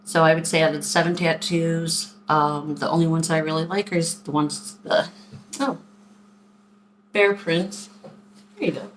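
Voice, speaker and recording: A woman in her forties telling stories in a casual vlog, chatty and animated as she acts out what people said. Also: low-pitched, a little slow, pauses often, a little hiss or hum. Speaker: vlogger. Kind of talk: casual storytelling to camera.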